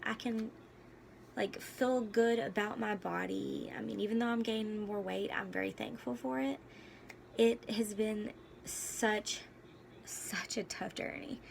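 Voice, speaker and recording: A young woman vlogging casually about her own life, halting and candid with many fillers, and losing her voice. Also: medium pitch, fairly even intonation, gravelly, slight background noise. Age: young adult. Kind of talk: casual personal vlog.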